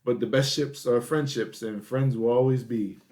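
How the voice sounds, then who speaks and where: A man in his thirties co-hosting a casual podcast, telling stories in an animated way that climbs in excitement at the punchlines. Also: mid-range voice, normal speed. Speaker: podcast co-host.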